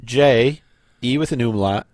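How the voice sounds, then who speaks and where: A man co-hosting a podcast in casual chat, calmly explaining facts. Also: mid-range voice, unhurried, dry recording, clean studio sound. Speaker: podcast co-host.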